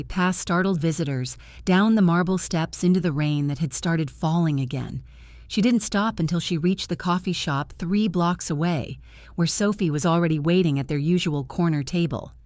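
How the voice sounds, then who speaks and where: A woman reading a dramatic romance story as narrator, in an even storytelling manner. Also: on the low side, moderate pace, no echo, studio quality.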